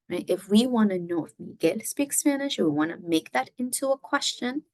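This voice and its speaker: A woman's voice: medium pitch, creaky, dry recording. A woman teaching a Spanish lesson, explaining in English and Spanish and often checking in with "right?". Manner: frequent fillers and restarts. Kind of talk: recorded lesson.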